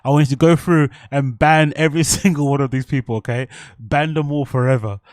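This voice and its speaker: A man's voice: mid-range voice, fairly even intonation, brisk, a little mellow, no echo, studio quality. A man hosting a casual livestream, talking loosely to his viewers in slang and with plenty of swearing. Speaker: livestream host. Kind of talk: casual rambling livestream chat.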